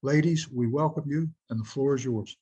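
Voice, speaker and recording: A man hosting a video-call presentation, reading a prepared introduction of the guest speakers in a formal, measured, earnest way. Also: mid-range voice, mellow, slightly rough, muffled recording.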